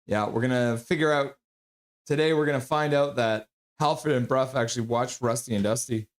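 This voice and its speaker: A man hosting a casual live stream about hockey. He reads chat messages aloud and reacts to them with quick, excited exclamations. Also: medium pitch. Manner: breaks into loud excited exclamations.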